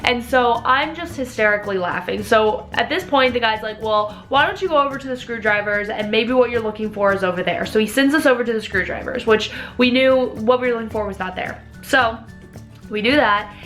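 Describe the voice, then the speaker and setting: A woman's voice: on the high side, brisk, a bit bright, soft background music. A young woman in her twenties telling a story in a casual vlog, chatty and often laughing. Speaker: vlogger.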